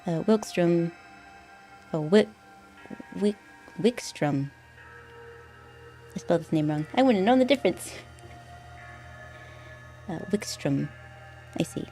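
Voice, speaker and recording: A woman streamer chats casually while she plays a game, thinking aloud. Her voice sits a bit low. Faint game music plays under her talk. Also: animated, takes it slowly, pauses often, warm tone. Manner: chatty, thinking aloud with fillers and laughs. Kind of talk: casual gameplay commentary.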